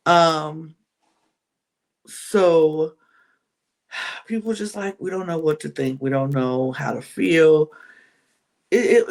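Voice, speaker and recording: A woman hosting a podcast, recapping a reality show in a chatty, animated way with many restarts. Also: low voice, vocal fry.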